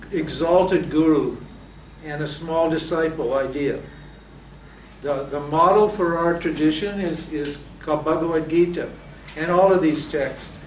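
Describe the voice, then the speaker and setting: A man's voice: a little high, slight background noise. Man teaching in a roomy hall. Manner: asks rhetorical questions and answers them. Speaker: Vedanta teacher. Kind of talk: lecture to students. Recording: roomy echo from a distant mic.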